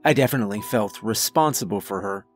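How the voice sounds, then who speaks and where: A man narrating a first-person horror story in a measured, grave, deliberate manner. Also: on the low side. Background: faint music.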